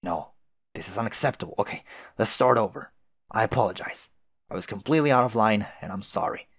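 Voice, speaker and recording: A man voicing a haughty, prim young male troll aristocrat who speaks formally and quietly with contempt. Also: fairly low pitch, brisk, slightly rough, no room sound.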